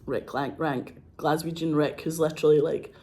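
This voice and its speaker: A Scottish woman, an actress, talking casually and excitedly, gushing and swearing, with a frog in her throat. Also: deep voice, moderate pace. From Scotland. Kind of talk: casual monologue.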